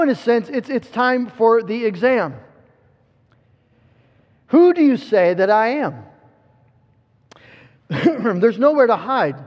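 A man preaching a sermon with earnest emphasis, often repeating words as he restarts a thought. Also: very high-pitched. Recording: muffled sound with long hall reverb.

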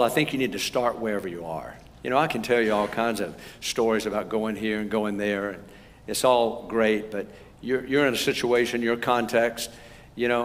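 A man from the United States giving a sermon, telling stories earnestly and building to emphatic points. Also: on the low side. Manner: earnest, storytelling, rising emphasis. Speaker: preacher. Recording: long hall reverb.

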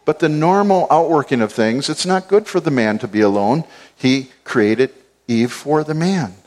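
A man's voice: a little high, animated, moderate pace, a little mellow. A man giving an expository Bible teaching, explaining word meanings and repeating key phrases for stress.

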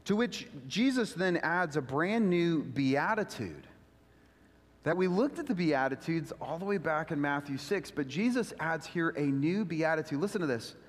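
A man preaching a sermon as pastor, moving from quiet teaching to loud, fervent proclamation. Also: fairly high pitch, animated, normal speed. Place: church sanctuary. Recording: long hall reverb.

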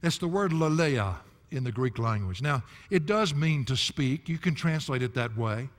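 A man's voice: mid-range voice, lively intonation, moderate pace, long reverb tail. An older man preaching an expository sermon, folksy and emphatic, with chuckling asides. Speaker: pastor.

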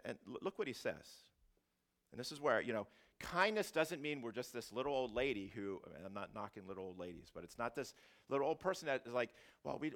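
A male pastor preaching a sermon, swinging from loud emphasis to hushed asides, often restarting his phrases. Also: mid-range voice. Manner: animated, shifting from loud to hushed, frequent restarts.

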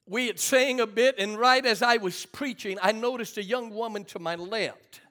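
At a moderate pace and with a sharp tone, a middle-aged man preaches in a high voice inside a church sanctuary. His sermon mixes storytelling with call-and-response, asking the congregation for amens.

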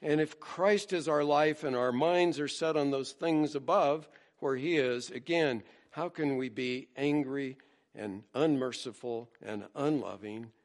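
A man with a mid-range voice preaches earnestly to his congregation. He presses his points with emphasis and stretches out key scripture phrases slowly for weight. His pitch sits in the ordinary middle for a man. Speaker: pastor. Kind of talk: sermon.

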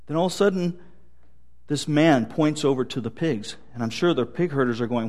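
A man's voice: on the high side, fairly quick, a little mellow. A male pastor preaching a sermon, telling stories with light humor.

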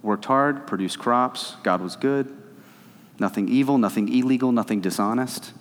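A man's voice: mid-range voice, normal speed, big-room sound. A man preaching a sermon as pastor, conversational at times and rising to fervent emphasis.

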